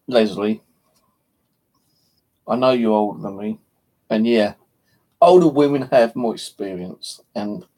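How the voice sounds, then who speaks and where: A man's voice: medium pitch, darkish tone, husky. An English man chatting casually on a live stream, rambling and joking crudely, with a slight lisp from missing teeth. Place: home.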